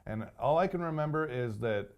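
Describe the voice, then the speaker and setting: A man's voice: mid-range voice, lively intonation, a little fast, smooth. A man guest co-hosting a movie review show, chatting casually with dry, sarcastic jokes. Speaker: guest co-host. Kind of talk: casual chat.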